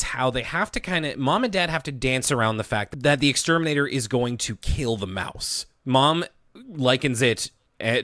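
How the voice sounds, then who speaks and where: A man's voice: mid-range voice, a bit bright, dry recording, clean studio sound. Chatty man recapping on a podcast. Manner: chatty, recaps episodes in detail. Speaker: podcast co-host.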